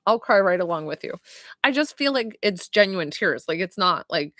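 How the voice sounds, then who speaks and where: A woman medium streams a psychic reading straight to her viewers, her voice gushing and often close to tears. She talks casually, full of "like" and "um." Her mid-pitched voice sounds dry and close, with no room echo. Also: expressive, normal speed, fairly bright tone. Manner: gushing, emotional, heavy use of "like" and "um".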